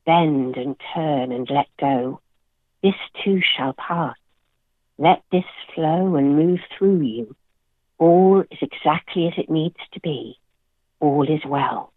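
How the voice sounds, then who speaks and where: A soft, soothing inner voice, as a woman reads it aloud, calm and wise. It moves slowly and reassuringly. The sound is dry and narrow, like a phone line. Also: low-pitched, no echo.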